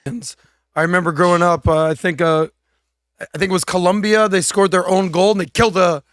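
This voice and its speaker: A male podcast co-host with a high voice who tells stories casually and hesitates as he goes. He sounds dry and close, with no room echo. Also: steady tone, normal speed, a bit bright. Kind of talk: podcast discussion.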